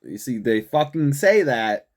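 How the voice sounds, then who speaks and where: A man's voice: medium pitch, sing-song, a little slow. A young man hosting a show, ranting profanely through political commentary with frequent laughs and mockery. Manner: profane, laughs often, mocking. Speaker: show host.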